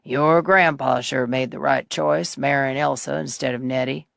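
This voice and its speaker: A woman reading an audiobook, voicing a friendly male cattle rancher with a Texan accent, folksy and slow-drawling. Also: extremely low pitch, steady tone, gravelly, fairly bright tone, dry recording, studio quality, pitched below the performer's own voice, exaggerated voice. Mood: easygoing. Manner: folksy, drawling, laid-back.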